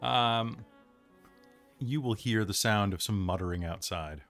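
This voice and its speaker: Low-voiced male game master. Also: a little slow, fairly bright tone, soft background music. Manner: casual, conversational. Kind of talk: narrating a tabletop game.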